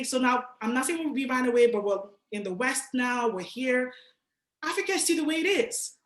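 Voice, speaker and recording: Animated woman giving a casual motivational talk. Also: high voice, moderate pace, reverberant. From Nigeria. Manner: casual, animated, slangy, direct address to audience. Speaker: guest speaker.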